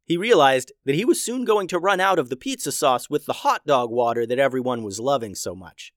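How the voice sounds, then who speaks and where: Male host reading a kids' story, animated pitch, dry close sound. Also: no echo. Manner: lively, expressive reading. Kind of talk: children's story narration.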